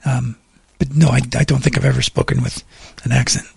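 A man's voice: medium pitch, fairly quick, gravelly, breathy edge, no echo. A middle-aged man on morning radio, chatting wryly with his co-host and then reading traffic and weather from a studio mic. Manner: chatty, wry, then steady report reading. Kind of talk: casual radio chat and traffic report.

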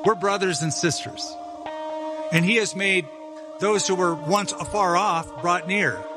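A man's voice: high voice, a little slow, music in the background. A male pastor preaching an expository sermon in a conversational way, with self-deprecating asides.

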